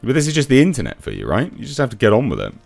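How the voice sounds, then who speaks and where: A man's voice: mid-range voice, wildly swooping pitch, racing, vocal fry, darkish tone, no room sound, faint music behind. A man giving a sarcastic, exasperated commentary rant as a reviewer. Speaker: YouTube reviewer. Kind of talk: ranting commentary.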